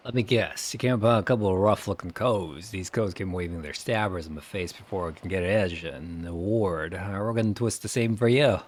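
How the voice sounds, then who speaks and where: Polite male ninja, formal, measured, lowish, as a man reads him. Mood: dry.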